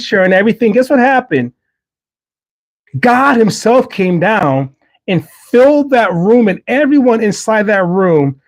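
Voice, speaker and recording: Speaking in a fairly high voice, this middle-aged livestream host offers an earnest motivational message rooted in faith. He hammers home his points by repeating phrases.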